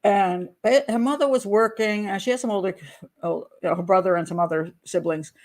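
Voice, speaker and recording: A woman's voice: mid-range voice, brisk, a little mellow. Chatty older woman profiling a case. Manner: chatty, blunt, sarcastic asides. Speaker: criminal profiler. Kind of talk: true crime commentary.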